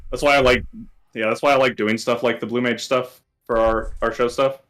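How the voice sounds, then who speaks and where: A man co-hosting a casual video game podcast, talking in a relaxed, rambling way with many fillers. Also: medium pitch, fairly quick. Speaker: co-host. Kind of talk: casual gaming podcast chat.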